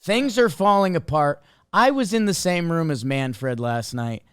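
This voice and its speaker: A man's voice: a little high, animated, unhurried, clear, resonant tone, dry recording, clean studio sound. A man hosting a podcast, joking and teasing his co-host in casual chat.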